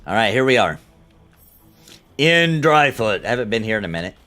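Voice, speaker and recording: A man's voice: fairly low pitch, very animated, normal speed, pushed and bright, faint music behind. A man live-streaming an online game, chatting casually and jokingly with his viewers and teasing things in the game. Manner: playful, jokey, talks to chat and his game. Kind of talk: casual live-stream chat while playing.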